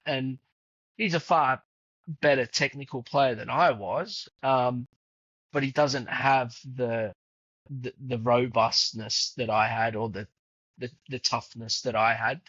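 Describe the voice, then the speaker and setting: Brief: man in his 50s, podcast guest, rambling anecdotal delivery, mid pitch, dull lo-fi mic, dry. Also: steady tone, unhurried, fairly bright tone, no room sound. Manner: chatty, many fillers, acts out quoted dialogue. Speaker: podcast guest, footballer's father. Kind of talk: casual conversational storytelling.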